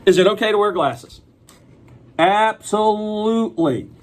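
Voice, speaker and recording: A man with a slightly high voice reads a picture book to a group of children. He keeps it chatty, stopping to ask them questions and answer them. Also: unhurried.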